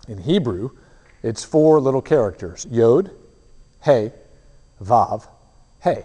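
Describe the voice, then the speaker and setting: A man's voice: mid-range voice, expressive, slow pace, dark tone, husky, big-room sound. A man preaching a sermon, retelling a story in an earnest, reflective way with frequent restarts.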